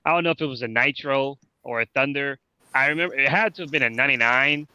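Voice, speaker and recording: Laid-back male storyteller, bright and smooth, dry close sound. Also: mid-range voice, fast, dry recording. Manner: relaxed storyteller, chuckles. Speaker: watch party co-host. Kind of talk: casual group chat about wrestling.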